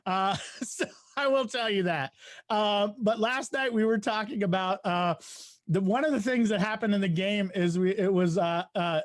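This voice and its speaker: A man's voice: high-pitched, normal speed, dry recording, studio quality. A man hosting a casual weekly group video call, rambling through stories with fillers and restarts. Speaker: host.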